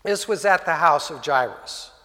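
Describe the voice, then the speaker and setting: A man's voice: a little high, lively intonation, normal speed, sharp tone. A male preacher telling a story in a sermon, vivid and dramatic, in a church hall. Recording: long hall reverb.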